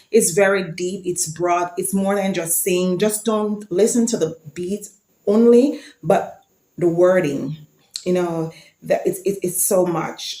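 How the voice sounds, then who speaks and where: A woman's voice: fairly low pitch, a little mellow, reverberant. A woman from Jamaica with a Jamaican accent, chatting enthusiastically to her viewers in a casual vlog. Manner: chatty and enthusiastic, sometimes reciting lines. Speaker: vlogger.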